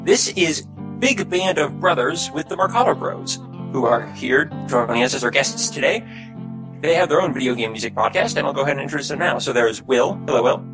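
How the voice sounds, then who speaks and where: A man's voice: medium pitch, expressive, a little fast, over music. A man from Texas hosting a casual podcast chat in an upbeat way, with fillers and laughs. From Houston, Texas. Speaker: podcast host.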